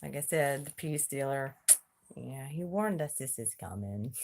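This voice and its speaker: A woman's voice: extremely low pitch, expressive, unhurried, darkish tone, a little hiss or hum. A woman hosting a casual livestream chat, drawling and taunting as she dares her viewers to speak up. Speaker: YouTube livestream host.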